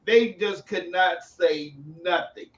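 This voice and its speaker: A man on a podcast, casually rambling through a story in a relaxed, chatty way. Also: sits high, slow pace. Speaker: podcast co-host. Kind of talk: casual chat. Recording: roomy, distant, dull lo-fi sound.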